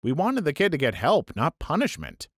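Lively man narrating read-out stories. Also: fairly high pitch, moderate pace, dry recording, clean studio sound. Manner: reads first-person anecdotes in a storytelling tone. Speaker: story narrator. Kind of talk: scripted narration of reader stories.

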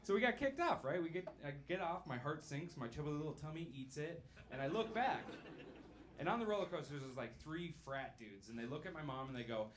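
A young man with a slightly high voice works through a stand-up set, loose and rambling, dropping swear words and laughing at his own lines. He speaks into a handheld mic on a club stage. The live recording carries clear background noise from the room. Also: expressive, fairly quick. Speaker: stand-up comedian.

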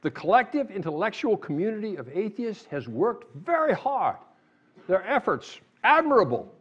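A man preaching a sermon as pastor, animated and building to emphatic, sarcastic outbursts. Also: high voice, normal speed, husky. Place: church sanctuary.

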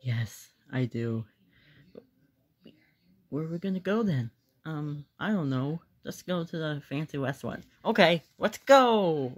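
Sweet lovestruck girl put on by a performer, soft, hesitant, swooping pitch, amateur voice drama. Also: expressive, unhurried. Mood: shy.

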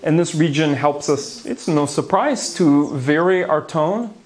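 A man's voice: a little high, measured pace. Playful, theatrical male lecturer. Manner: playful and theatrical, with gasps and asides. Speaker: neuroscience lecturer. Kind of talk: conference talk. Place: conference hall before an audience.

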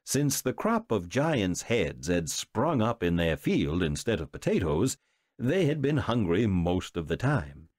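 A man reading a fairy tale aloud in an expressive, dramatic storytelling manner. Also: on the low side, measured pace, no echo, studio quality. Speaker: reader. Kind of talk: storybook narration.

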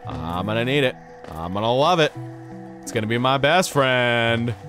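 A young man giving casual, goofy let's play commentary, excitedly talking to the game's characters. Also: mid-range voice, moderate pace. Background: game music.

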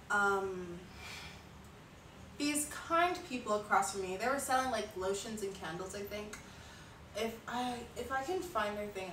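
Her voice is medium-pitched and fairly bright as she casually tells a story on her livestream, peppering it with fillers and sighs. She's an artist who streams, and the recording has a roomy, distant-mic quality with faint noise.

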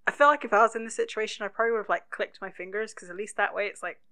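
A woman's voice: mid-range voice, very fast, bright, forceful tone. A British woman co-hosting a podcast, musing thoughtfully through a TV episode with lots of "like". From United Kingdom. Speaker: podcast co-host. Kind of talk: casual chat recapping a TV episode.

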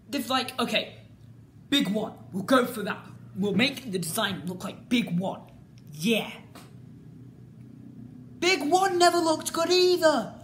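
A woman rants through a casual review, exasperated and repetitive. Her voice leaps and dips in pitch, moving from loud cries to grumbling mutters. The sound is roomy and echoey, with a faint hiss of background noise. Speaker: vlogger reviewing a TV series. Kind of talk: ranting casual commentary.

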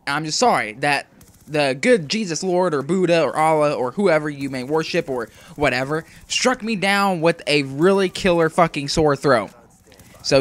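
A man's voice: fairly high pitch, a bit bright. A young man talking loosely through off-the-cuff gameplay commentary, rambling, slangy and swearing, still getting over a sore throat. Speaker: gaming YouTuber.

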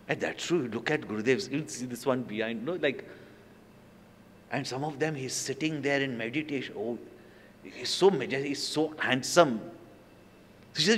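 A man's voice: mid-range voice, normal speed, pauses often. Man telling stories in a reverberant hall. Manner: storytelling with acted quotes and laughter. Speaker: swami giving a talk. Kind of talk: anecdotal spiritual talk.

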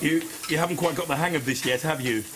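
A middle-aged man playing a proud, sharp-tongued head chef in a sitcom, dry and commanding. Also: fairly high pitch, fast, heavy background noise, lightly acted. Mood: sardonic. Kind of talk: sitcom acting.

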